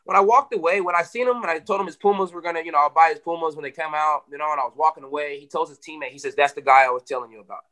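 A man, a fighter, telling stories in a casual interview, animated, full of "you know" and swearing. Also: fairly high pitch, rapid-fire, few pauses.

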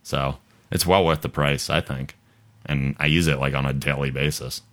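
A man with a very low voice that still rings bright and forceful. He hosts a podcast in a loose, rambling, casual chat and laughs often. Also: steady tone, moderate pace. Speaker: podcast host.

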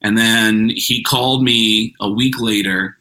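Male comedian, bright, forward voice; casual interview storytelling, profane, jumps in and out of character voices. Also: on the low side, slow, low-quality recording. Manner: profane, animated, slips into voices. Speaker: stand-up comedian.

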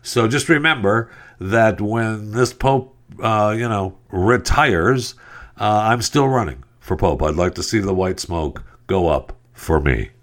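A middle-aged man with a very low, deep voice hosts a podcast in a casual commentary style. He rambles through the news with many fillers and drops sarcastic asides as he goes. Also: a little slow. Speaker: podcast host.

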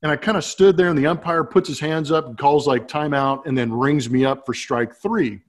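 A man co-hosting a podcast, telling a story in a casual, animated way, laughing and acting out the people he quotes. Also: on the high side, moderate pace. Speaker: podcast co-host, former ballplayer. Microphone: webcam.

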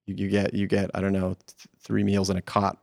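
A man with a low, gravelly voice hosts a film conversation. He trips over his words and restarts often. The sound is dry and close, with no room around it. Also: monotone, fairly quick, darkish tone, no room sound. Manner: hesitant, stammering restarts.

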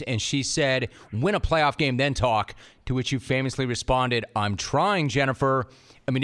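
A man's voice: mid-range voice, fairly bright tone. A man hosting a talk radio interview, brash and playful, tossing in mock-dramatic readings. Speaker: radio talk show host. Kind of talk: interviewing a guest.

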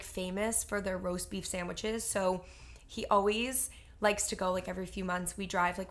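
A woman co-hosting a podcast, telling a story in a casual, animated way with lots of fillers. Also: medium pitch. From Boston area. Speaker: podcast co-host. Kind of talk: casual chat.

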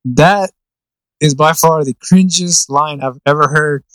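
A man's voice: a little high, unhurried, fairly bright tone, no echo, rough recording. A young man co-hosting a podcast in casual chat, swearing freely and laughing through the movie lines he quotes. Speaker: podcast co-host.

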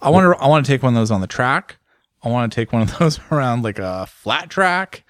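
A man co-hosting a podcast in relaxed, joking casual chat. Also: medium pitch, fairly quick, dry recording, clean studio sound. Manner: relaxed, musing, jokey. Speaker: podcast co-host.

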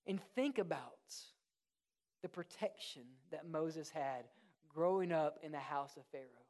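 With a fairly high pitch and an unhurried pace, a man delivers a sermon as a pastor, swinging animatedly between loud, excited asides and quiet, earnest stretches.

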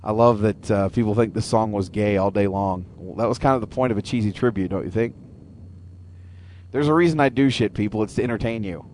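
A man's voice: lowish voice, brisk, darkish tone, a little hiss or hum. A man co-hosting an internet radio talk show, bantering crudely and joking with his partner. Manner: profane, joking, teasing.

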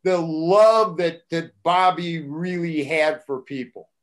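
An older man, a former wrestling broadcaster, telling casual stories on a talk show and acting out the voices of the people he quotes. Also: slow pace. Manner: animated, acts out quoted voices with rising pitch and loudness. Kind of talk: casual anecdotal storytelling.

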